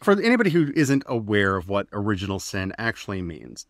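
A man's voice: fairly low pitch, very animated, brisk, no room sound, clean studio sound. A man co-hosting a casual discussion podcast, retelling old stories in a wry, glib, storytelling way. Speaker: podcast co-host.

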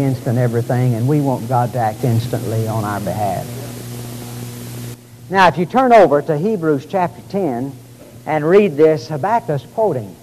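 A man preaching a sermon in a folksy, dramatic way, calling his listeners folks and swinging from exclamations to quiet lines. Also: slight background noise, low-quality recording. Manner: dramatic preaching, rising to exclamations and dropping low. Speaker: pastor.

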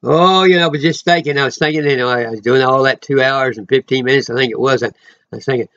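A man giving an informal, rambling sermon he records himself, full of emotional asides and sudden loud exclamations. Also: medium pitch, fast talker, highs cut off. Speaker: preacher.

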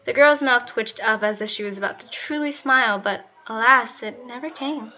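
Woman reading a fanfic out loud, bright voice, kinda muffled with faint music. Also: medium pitch, moderate pace. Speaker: fanfiction reader. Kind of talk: reading fan fiction aloud.

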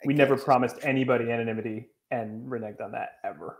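A man's voice: medium pitch, fairly even intonation, quick pace. Earnest man full of fillers. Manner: earnest, filler-heavy, defensive. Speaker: guest journalist. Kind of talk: interview answers.

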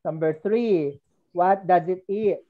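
A woman's voice: fairly low pitch, slow, narrow, tinny audio. A woman teaching English to young children over a video call, patiently prompting and drilling their answers. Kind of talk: online class with young children. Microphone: computer mic on a video call.

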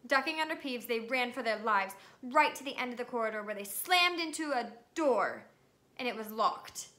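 A woman reading a novel aloud to students with lively, expressive storytelling. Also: on the high side, moderate pace. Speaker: reader.

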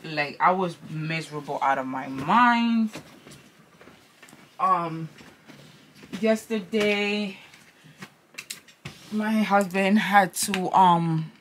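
A woman's voice: on the low side, very slow, long pauses, a little hiss or hum. A woman in her thirties, a stay-at-home mom, chatting casually in a vlog at home, rambling and slangy, sometimes dropping to a whisper during chores. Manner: drops into whispers while doing chores. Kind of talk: casual vlog chat to camera.

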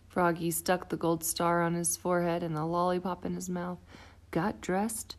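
A woman reading a children's picture book aloud, expressive and playing out the sound effects. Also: fairly low pitch, a little slow. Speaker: storybook reader.

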